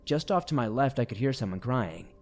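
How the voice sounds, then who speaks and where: A man narrating a first-person horror story in a steady, grave way, at a middling pitch. Faint music plays under his voice throughout. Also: brisk.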